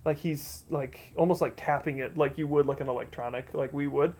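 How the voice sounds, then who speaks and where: A man running a tabletop role-playing session, describing the scene in a rambling, restart-heavy way. His voice is gravelly with fry and sits somewhat high for a man. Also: fairly even intonation, brisk, darkish tone. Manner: rambling, many fillers and restarts. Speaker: game master. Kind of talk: narrating a tabletop game livestream.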